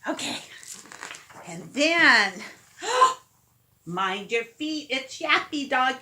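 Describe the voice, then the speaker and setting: A woman's voice: high-pitched, big pitch swings, extremely slow, long pauses, bright, forceful tone, slight background noise. A mother reading a picture book aloud to her toddlers, coaxing and playful, inviting them to join in.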